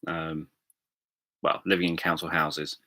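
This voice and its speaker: A man chatting casually on a livestream, rambling with many pauses and self-corrections. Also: extremely low pitch, flat delivery, pushed and bright, no room sound. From England. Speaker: livestream host. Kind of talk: casual chat with viewers.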